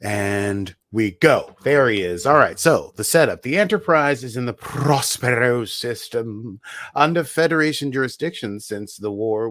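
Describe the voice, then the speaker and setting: A man's voice: mid-range voice, a bit bright, no room sound, clean studio sound. A man co-hosting a casual podcast, recapping a TV episode in a playful, jokey way and sometimes slipping into silly voices. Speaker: podcast co-host.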